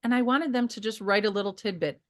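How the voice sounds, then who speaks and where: Speaking fast in a medium-pitched voice, a woman photographer guesting on an interview show tells animated, casual stories with frequent fillers and restarts. The studio sound is clean with no echo.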